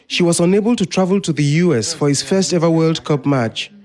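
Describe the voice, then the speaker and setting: A man narrating a scripted news report from abroad in a calm, narrated style. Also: a little high, brisk.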